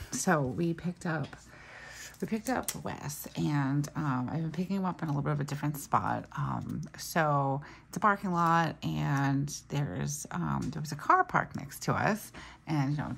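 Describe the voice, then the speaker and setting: A woman in her thirties, a planner vlogger, chats casually as she works in her journal, spinning stories that wander off into asides. Her voice sits low and gravelly, with a faint hiss or hum in the recording.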